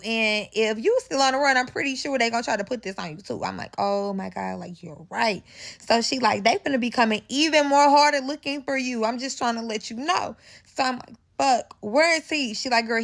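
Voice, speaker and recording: A young woman with a St. tells a serialized storytime in an animated, profane way, often addressing listeners as y'all. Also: on the high side, creaky. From St. Louis, Missouri.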